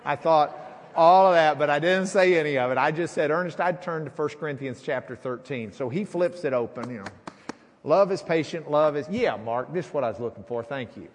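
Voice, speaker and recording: A man in his fifties delivers a sermon as an animated storyteller, jumping into the voices of the people in his story. His voice sits high for a man. It carries a long reverb, as if it fills a large hall. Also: a little fast. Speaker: preacher.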